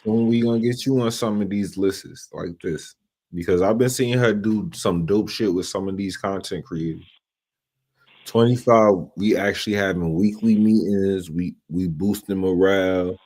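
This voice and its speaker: A man hosts a late-night streaming show, chatting casually in laid-back, slangy talk. His voice sits low and a little mellow, at a normal speed.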